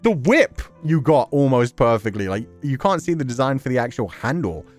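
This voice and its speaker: A man's voice: medium pitch, big pitch swings, normal speed, a little mellow, soft background music. A man chatting casually on a live stream, reacting to fan art and laughing often.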